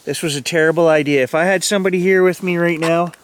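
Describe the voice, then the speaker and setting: Man, slightly high voice, nervous, jittery vlogger, talking to viewers outdoors at night. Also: fairly even intonation, fast, clean tone. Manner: nervous, jittery, thinking aloud. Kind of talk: ghost-hunting vlog, talking to viewers.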